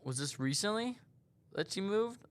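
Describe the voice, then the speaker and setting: A man's voice: sits high, sing-song, clean tone. A young man co-hosting a casual podcast, goofy and joking, cutting in often. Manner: goofy, joking, quick interruptions. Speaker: podcast co-host. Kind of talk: casual chat.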